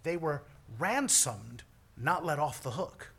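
A man's voice: fairly high pitch, big pitch swings, takes it slowly, vocal fry, fairly bright tone, husky. A man preaching a sermon as a priest, joking with the congregation between points. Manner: joking, self-deprecating asides to the congregation.

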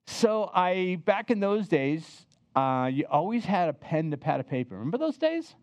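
Animated older man telling a story. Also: sits high, normal speed, few pauses, dry recording. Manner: animated, chatty, asks the listeners to remember with him. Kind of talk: personal storytelling.

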